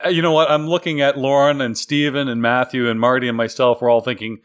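A man's voice: mid-range voice, flat delivery, fast talker, smooth. A man hosting a pinball trivia podcast, introducing contestants in an upbeat announcer manner. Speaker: podcast host. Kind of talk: game-show style hosting.

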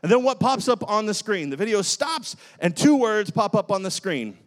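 A male pastor preaching and telling a story in an animated, dramatic way. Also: sits high, normal speed. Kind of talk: sermon with personal storytelling.

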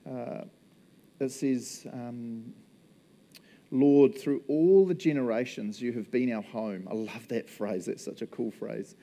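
A man's voice: medium pitch, takes it slowly, mellow. A man preaching a casual, conversational sermon, joking, laughing often and acting out little quoted voices. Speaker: pastor.

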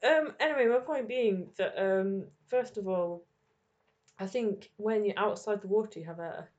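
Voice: mid-range voice, moderate pace, a little mellow, highs cut off. A podcast co-host in casual chat, teasing and dry, often laughing at their own jokes.

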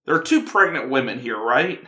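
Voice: medium pitch, big pitch swings, moderate pace, bright, forceful tone. A podcast co-host in casual chat, making wry jokes and swearing. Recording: echoey room.

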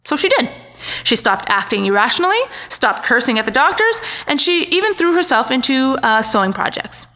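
Bright-voiced woman telling a crime story. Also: sits high, big pitch swings, fairly quick. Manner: chatty, wry asides, stumbles over names. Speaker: podcast co-host. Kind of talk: casual true-crime storytelling.

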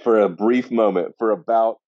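A man's voice: on the low side, moderate pace, no echo, highs cut off. A man co-hosting a casual book discussion, rambling and acting out characters in funny voices. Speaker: podcast co-host.

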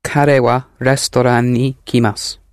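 A man in a language class, giving careful, measured answers when the teacher prompts him. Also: mid-range voice, flat delivery, clear, resonant tone, no echo, clean studio sound. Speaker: student.

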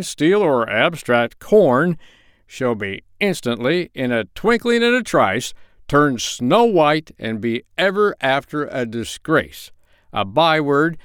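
A man voicing a jolly, brisk old Santa Claus in a storybook reading, talking loudly and heartily. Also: medium pitch, clean tone, no echo, studio quality, voice pushed up. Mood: proclaiming. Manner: loud, hearty proclaiming.

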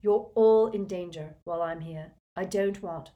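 A woman voicing a frustrated, stubborn teenage boy wizard in a storybook reading, in a tense, flat way. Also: lowish voice, a little slow, muffled recording, natural voice.

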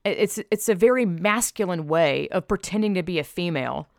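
A woman's voice: fairly low pitch, expressive, a little fast, vocal fry, a little mellow, dry recording, studio quality. A woman giving casual spoken commentary, blunt and exasperated, sighing and stopping to restart as she reads aloud.

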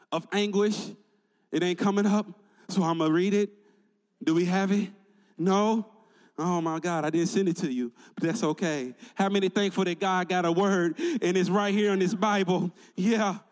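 A man's voice: high-pitched, a little mellow, in a large hall. A male pastor preaching a sermon in an emphatic, conversational way, building points through repetition.

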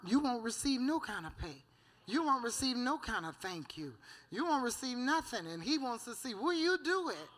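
A woman preaches her testimony in a bright, forceful voice. She speaks with fervor, tells her story and keeps breaking in with amen and hallelujah. She laughs often as she goes. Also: on the high side. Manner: fervent, punctuated with amen and hallelujah. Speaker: guest giving a church testimony.

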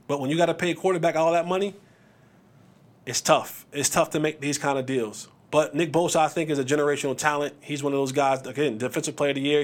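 A man hosting a podcast, giving passionate sports commentary in a casual rant, often restarting his words. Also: fairly high pitch. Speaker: podcast host.

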